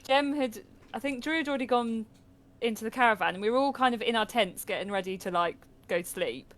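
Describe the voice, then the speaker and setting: A British woman co-hosts a casual podcast, her voice a little high, expressive, and fairly quick. She's a chatty storyteller who laughs a lot as she talks.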